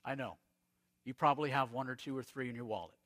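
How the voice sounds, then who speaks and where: Bright-voiced preacher man from Arizona. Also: medium pitch. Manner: storytelling preacher, dramatic pauses and swings in loudness. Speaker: pastor. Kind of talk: sermon.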